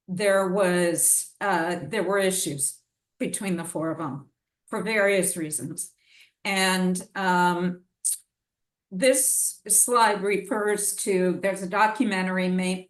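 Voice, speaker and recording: Slow, measured female host with a lowish voice, picked up from afar in a roomy hall. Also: steady tone. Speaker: lecture host and interviewer. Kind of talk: hosted lecture conversation. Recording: distant mic in echoey hall.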